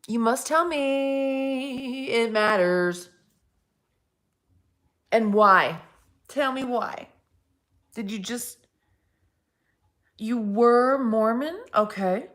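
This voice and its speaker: Woman, livestream host; unhurried, frank and foul-mouthed, teasing chat with "honey" and "babe". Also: mid-range voice, fairly bright tone. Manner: blunt, profane and frank; teasing, affectionate pet names. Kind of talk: casual chat with viewers.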